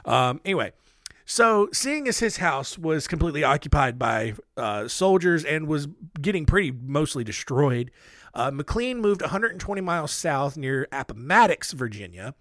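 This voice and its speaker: A man's voice: on the high side, very animated, normal speed, fairly bright tone, no room sound, clean studio sound. A man hosting a casual history podcast, telling stories in a rambling way with self-deprecating asides, holding his own microphone. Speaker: podcast host. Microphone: handheld microphone.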